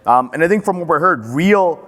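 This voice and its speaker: A man's voice: a little high, lively intonation, brisk, fairly bright tone, in a large hall. A man hosting an interview, reacting encouragingly and asking follow-up questions. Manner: encouraging, chiming in with short reactions. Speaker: interview host. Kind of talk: conversational interview.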